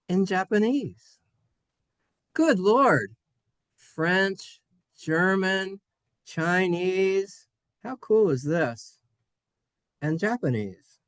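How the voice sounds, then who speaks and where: A man's voice: high-pitched, expressive, slow pace, long pauses, no echo. A man teaching Hebrew in a playful class, goofy and self-mocking, spelling words out letter by letter. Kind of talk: playful online class lesson.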